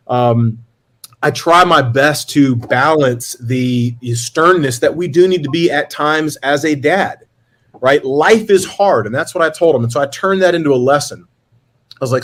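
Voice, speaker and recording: Middle-aged male host, mid-pitched, earnest and confessional, tells stories and voices both sides. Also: normal speed. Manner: earnest, confessional, quotes himself and his son. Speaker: podcast host. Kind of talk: candid storytelling to a panel.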